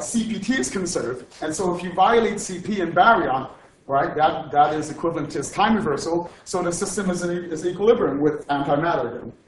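A man gives an informal physics lecture in a slightly high voice, wandering into jokes and asides and tossing "okay?" to the room. He sounds far from the microphone in an echoey hall, with a faint hiss underneath. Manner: digressive and joking, with frequent "okay?" check-ins. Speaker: physics professor giving a lecture.

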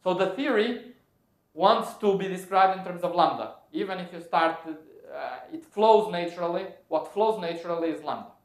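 Man, physics lecturer, fairly high voice, thinks aloud, echoey hall. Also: moderate pace. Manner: thinks aloud, self-correcting, explanatory. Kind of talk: technical lecture.

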